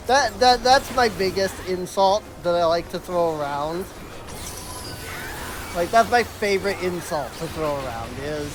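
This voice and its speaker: With background noise behind them, a live-streaming gamer talks casually in an expressive, medium-pitched voice at a measured pace. The storytelling is exasperated and riddled with "like" and restarts.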